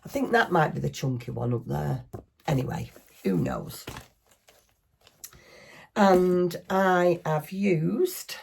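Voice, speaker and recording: Middle-aged Northern English woman, craft vlogger, low and husky, rambling self-deprecating chat. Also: expressive, slow pace, long pauses. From northwest England.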